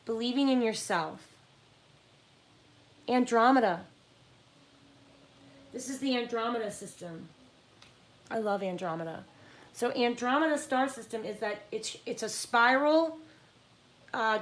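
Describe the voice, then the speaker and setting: A woman reading tarot on a live stream, reading card texts slowly and emphatically and chatting reassuringly with viewers. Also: on the high side, roomy sound, far from the mic, rough recording. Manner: reads card texts in a slow, emphatic, motivational tone. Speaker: tarot reader.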